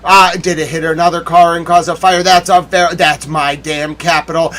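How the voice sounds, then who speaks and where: A man's voice: fairly high pitch, flat delivery, normal speed, hardly any pauses, a bit bright. A man hosting a livestream news commentary, ranting indignantly and demanding answers.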